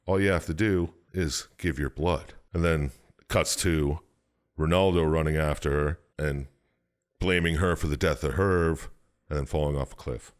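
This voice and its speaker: A man with a very low voice talks through a story in loose, rambling podcast chat. He swears freely and now and then jumps into squeaky, exaggerated voices for the characters. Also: steady tone, normal speed. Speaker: podcast co-host. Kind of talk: casual chat, recapping a game plot.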